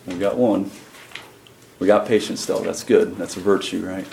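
A man preaching a church sermon, calling out to the congregation and reading scripture slowly. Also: low voice, steady tone, creaky, echoey room, noisy background. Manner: calls for congregation responses, reads scripture slowly.

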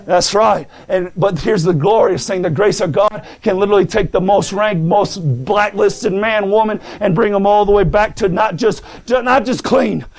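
A male preacher delivering a fervent sermon, stammering and restarting, rising to shouts. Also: sits high, moderate pace, few pauses.

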